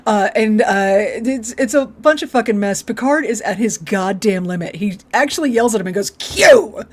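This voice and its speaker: A woman's voice: medium pitch, brisk, a little mellow. Woman co-host, casual recap chat, enthusiastic and profane, laughs a lot. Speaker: podcast co-host.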